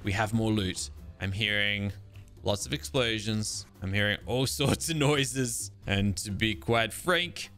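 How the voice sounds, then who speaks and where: A young man talks through his survival game playthrough in loose, casual commentary. His voice is bright and forceful, and he breaks into excited exclamations and quick reactions. Soft music plays faintly behind him. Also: medium pitch. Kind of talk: casual let's-play commentary.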